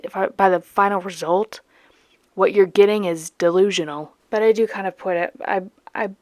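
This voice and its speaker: A young woman from Georgia, with a light Southern accent and a fairly low voice, records a voiceover as she paints, with no room sound. The art channel host is playful, goofy and self-mocking, at times dropping into a whisper.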